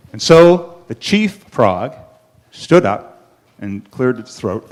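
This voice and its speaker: Man, church storyteller, lively up-and-down delivery, dramatic pauses. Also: medium pitch. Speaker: storyteller at a congregation service. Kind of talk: children's story told at a worship service.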